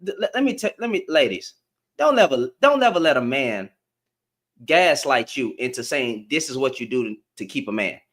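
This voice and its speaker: A man's voice: medium pitch, very animated, normal speed, fairly bright tone. A man hosting a live stream, ranting back at commenters in slangy, confrontational talk and repeating lines for emphasis. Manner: addresses commenters directly, slangy.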